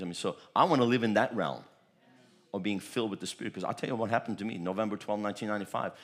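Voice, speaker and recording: A pastor from Turkey preaching a sermon, telling stories animatedly and often repeating words. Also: male voice, on the low side, very fast. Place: church.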